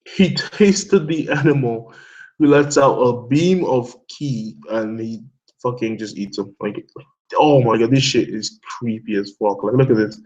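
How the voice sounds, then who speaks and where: A man hosting a casual online hangout, rambling excitedly in loose commentary, swearing often, laughing and talking himself in circles. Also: mid-range voice, a little slow, lo-fi sound. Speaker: host of an online discussion hangout.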